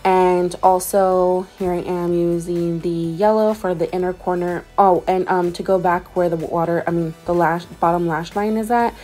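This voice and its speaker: A woman's voice: fairly low pitch, fairly even intonation, moderate pace, hardly any pauses, mellow, soft background music. A woman casually talking through her makeup steps as a beauty vlogger, rambling and correcting herself with lots of fillers. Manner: rambling, self-correcting, chatty with many fillers. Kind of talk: casual makeup tutorial voice-over.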